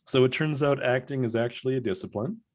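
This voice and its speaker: A man who directs the story, chatting on a podcast in a measured, dry way. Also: mid-range voice, darkish tone. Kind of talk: casual group chat.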